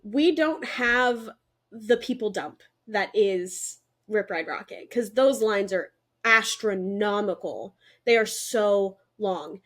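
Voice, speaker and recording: A young woman co-hosting a podcast in casual chat, excited and talkative with lots of fillers. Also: medium pitch, slow pace. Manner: excited, chatty, many fillers. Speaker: podcast co-host.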